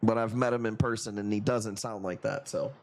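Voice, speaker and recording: His voice sits on the low side, steady and fairly quick. Running a live coral auction stream, the man chats casually with viewers, full of profanity, jokes, and rambling banter as he sells.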